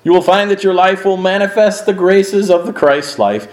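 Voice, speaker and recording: A man preaching a sermon in an earnest, emphatic way, swinging his pitch and pace to stress his points. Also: normal speed, echoey room, poor audio.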